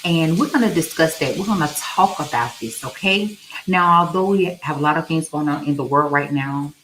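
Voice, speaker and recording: Low-voiced woman hosting a live stream. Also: moderate pace, a bit bright, a little hiss or hum, poor audio. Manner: testifying, greets viewers by name. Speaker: livestream host. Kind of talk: casual live-stream chat.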